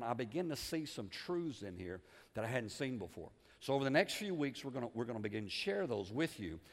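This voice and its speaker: A man preaching a sermon as pastor, animated, moving between quiet asides and loud emphasis, repeating words and asking the congregation questions. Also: medium pitch. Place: church sanctuary. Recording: long reverb of a church hall.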